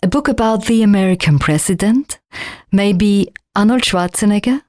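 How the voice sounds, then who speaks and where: Woman interviewer, mid-pitched, crisp short questions, dry close recording. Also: moderate pace, darkish tone, no echo.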